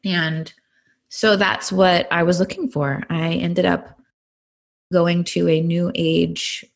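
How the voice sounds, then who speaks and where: A Californian woman in middle age shares her personal testimony as a podcast guest, earnest and animated. Her voice sits on the low side, slow and creaky.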